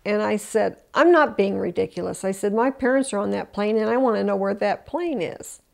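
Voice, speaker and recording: A woman's voice: mid-range voice, brisk, gravelly. An older woman in an oral history interview, telling her story with emotion, restarting often and acting out the voices she quotes. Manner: emotional retelling with many restarts.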